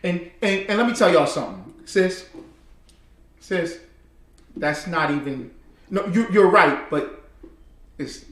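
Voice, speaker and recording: A man rants in a casual commentary, his voice pitched high and swinging wildly up and down as he works himself up. He speaks in a heated, repetitive way and keeps addressing his listeners directly. The sound is bright and cutting, with a roomy echo around it. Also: lively intonation, takes it slowly, pauses often.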